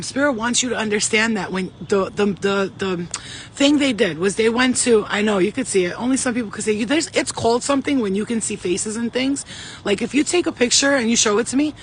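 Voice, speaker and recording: A man with a notably high-pitched voice talks straight to his viewers in a loose, rambling vlog. He swears freely and gets excitable, jumping from one story to the next. A faint hum of background noise sits under his voice. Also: low-quality recording. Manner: profane, rambling, excitable, talks in quick digressions. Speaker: spiritual channeler and vlogger. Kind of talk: casual rambling monologue.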